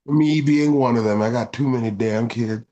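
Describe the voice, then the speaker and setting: A man being interviewed, answering in a relaxed, joking way. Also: mid-range voice, moderate pace, highs cut off. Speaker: interview guest. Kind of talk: casual interview.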